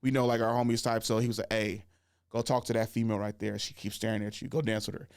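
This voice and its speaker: A man's voice: on the low side, flat delivery, quick pace, clear, resonant tone, no echo, clean studio sound. A man in his thirties hosting a podcast, telling a story casually with frequent laughs and "like" and "right?" fillers. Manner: laughs often, fills with "like" and "right?". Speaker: podcast host.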